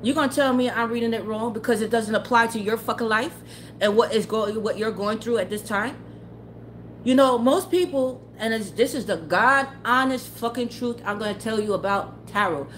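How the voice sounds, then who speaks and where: A tarot-reading streamer vents to her live chat in blunt, heated, swear-filled talk, often breaking into laughter. Her voice sits on the high side, fairly bright, at a moderate pace, with a little hiss or hum on the recording.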